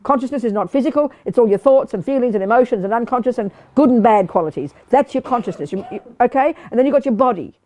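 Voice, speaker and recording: An older woman giving a lively Buddhist teaching to a live group, quizzing her listeners and talking bluntly and playfully. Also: fairly high pitch, fast, hardly any pauses. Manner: animated, questioning the audience, blunt and playful. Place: meditation study group hall.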